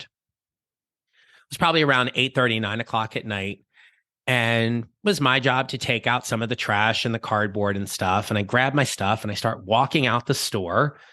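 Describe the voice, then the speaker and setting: A man's voice: on the low side, sharp tone, dry recording, clean studio sound. A man hosting a career coaching podcast, telling a personal story in a reflective, conversational way with small restarts.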